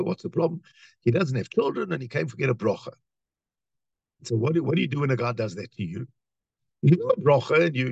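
A man giving a lively Torah talk, telling a story and acting out the voices of its people. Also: medium pitch, vocal fry, husky, dry recording, muffled recording. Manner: animated storyteller, acts out voices, many restarts. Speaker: rabbi.

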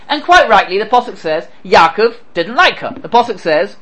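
A man's voice: sits high, sing-song, normal speed, pushed and bright, low-quality recording. A man teaching a scripture class who asks rhetorical questions and quotes Hebrew verses before translating them. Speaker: Torah teacher. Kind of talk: lecture on scripture.

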